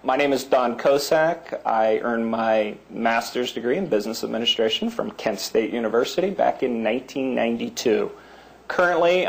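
A man giving a crisp, formal self-introduction. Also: medium pitch, poor audio. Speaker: cable company vice president.

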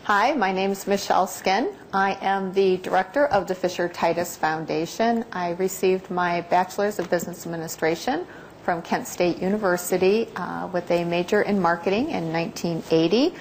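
A woman's voice: lowish voice, moderate pace, a little hiss or hum. A woman in her sixties giving a brief, friendly self-introduction. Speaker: foundation director.

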